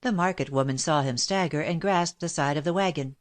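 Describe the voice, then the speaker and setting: Woman reading an old novel aloud, low voice, steady and measured. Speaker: audiobook narrator. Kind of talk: scripted narration.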